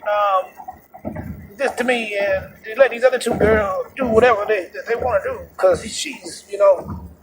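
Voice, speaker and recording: A man voicing an angry young woman passenger with a New York accent who talks on the phone in a high, breathless, excited way. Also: moderate pace, music in the background, close to an everyday voice. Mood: indignant. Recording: noisy moving car.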